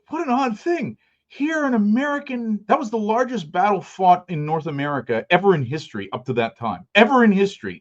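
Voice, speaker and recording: A man's voice: fairly high pitch, lo-fi sound. A man co-hosting a podcast in casual discussion, rambling and repeating himself as he restarts his sentences. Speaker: podcast co-host.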